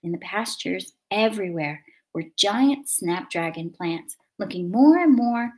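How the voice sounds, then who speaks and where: A woman reading a children's chapter book aloud with expressive delivery. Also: medium pitch, unhurried. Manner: expressive, dynamic. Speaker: narrator.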